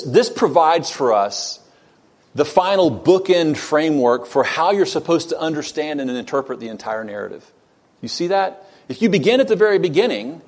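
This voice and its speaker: A man preaching an expository sermon, earnest and emphatic, who puts rhetorical questions to his listeners. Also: fairly high pitch. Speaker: pastor.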